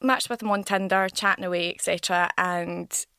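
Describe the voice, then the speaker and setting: A woman with a Scottish accent telling a dating story in casual chat, animated and often laughing. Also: lowish voice, fairly quick, clean tone, dry recording, clean studio sound.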